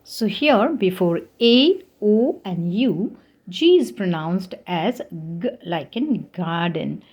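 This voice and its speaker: A woman teaching French pronunciation, spelling out letters and example words one at a time with pauses. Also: mid-range voice, expressive, darkish tone. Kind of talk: slow, careful pronunciation lesson.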